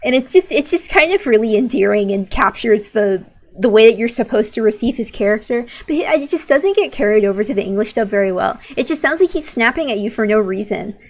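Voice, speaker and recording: A woman's voice: fairly high pitch, expressive, a little fast. Rambling, opinionated teenage girl streamer. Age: late teens. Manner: rambling and opinionated, many "like" fillers and restarts. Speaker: art streamer. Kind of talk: casual chat while drawing on stream.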